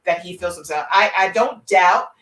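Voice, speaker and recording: A woman's voice: on the low side, moderate pace, fairly bright tone. Woman, podcast panelist, insistent, echoey room, distant mic. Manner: insistent, repeats her points. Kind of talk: casual panel chat.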